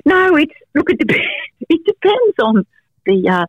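A woman's voice: high voice, sing-song, unhurried, no room sound, narrow, tinny audio. A middle-aged woman, a journalist telling frank stories in an interview, with lots of fillers and restarts. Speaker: investigative journalist, guest. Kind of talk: storytelling interview answers.

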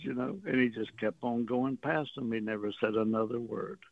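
A Texas-coast man with a medium-pitched, creaky voice tells casual stories at a moderate pace on a radio show, rambling in a folksy way and chuckling often. He's on the phone, so the line is tinny, and there's no echo.

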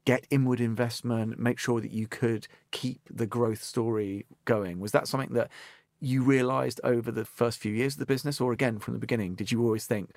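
A man's voice: medium pitch, steady tone, fairly quick, a little mellow, no room sound, clean studio sound. A man hosting a business interview show, reading a polished, pun-filled introduction and then asking long, rambling questions. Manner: polished, upbeat presenter with food puns. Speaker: podcast host.

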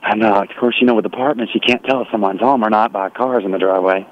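A man's voice: lowish voice, fairly even intonation, fast, dull audio, slight background noise. A man out on location for a radio prank, out of breath and giggling. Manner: giggly, playful. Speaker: field reporter doing a prank.

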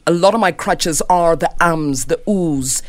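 A woman's voice: lowish voice, a little slow, no room sound. A woman from South Africa co-hosting a morning radio show, chatty and playful. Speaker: radio co-host. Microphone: studio microphone.

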